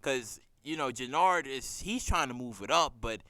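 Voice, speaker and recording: Animated, bright-voiced male TV recap vlogger. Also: medium pitch, moderate pace, dry recording. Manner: animated, laughing, swearing, acts out scenes. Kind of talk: casual profane recap chat.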